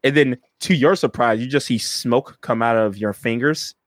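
A man's voice: medium pitch, moderate pace, dry recording, studio quality. A young man narrating a tabletop game as game master, laughing through his storytelling.

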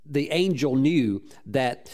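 A man's voice: medium pitch, lively intonation, slow, a little mellow. A man preaching a sermon as a pastor, telling a story with fervent praise and frequent restarts. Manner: repeats words while restarting phrases.

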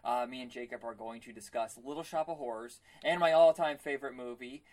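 A man's voice: medium pitch, fairly quick, a little mellow. A man co-hosting a casual chat podcast, rambling with lots of fillers and poking fun at himself. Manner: rambling, self-deprecating, many fillers. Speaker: podcast co-host.

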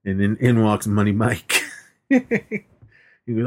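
A man's voice: on the low side, expressive, normal speed, long pauses. A man co-hosting a movie podcast, recapping scenes in casual chat, laughing often and acting out the characters' lines in a raised voice. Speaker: podcast co-host.

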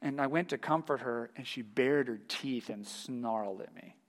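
A male pastor preaching a sermon, telling stories in a lively, animated way and laughing along with them. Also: mid-range voice, normal speed, in a large hall. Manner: storytelling, laughs heartily while telling anecdotes.

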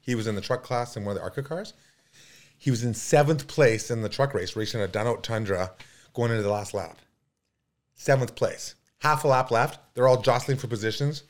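A man in his fifties from Canada tells stories as a podcast guest. He is animated and rambling, and he fills his talk with fillers. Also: medium pitch, fairly quick. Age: 50s. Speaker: podcast guest, pro mountain biker. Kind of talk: casual storytelling.

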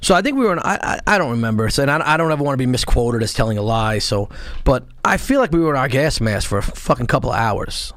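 A man telling war stories in a casual interview, profane and animated, acting out what people said. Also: mid-range voice, fast talker, no echo. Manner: animated, profane storytelling with quoted voices. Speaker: podcast guest, former Marine and police sergeant.

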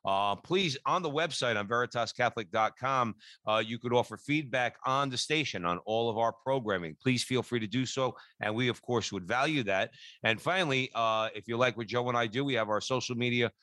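A man's voice: mid-range voice, fairly quick, pushed and bright, dry recording. A man co-hosting a radio talk show, introducing a guest in an upbeat, chatty way with frequent fillers. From New Jersey.

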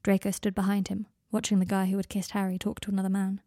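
A woman calmly reading a romance story aloud as its narrator. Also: medium pitch, fast, dry recording, clean studio sound. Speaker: fan fiction reader.

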